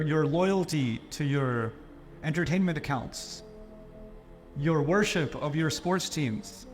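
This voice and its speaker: A man with a notably high voice delivers a sermon-style lecture. He drives points home with repetition and rhetorical questions, lifting his pitch to stress a line and then dropping it low. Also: a bit bright, slight background noise. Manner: swings between raised and lowered pitch for emphasis. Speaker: Islamic lecturer.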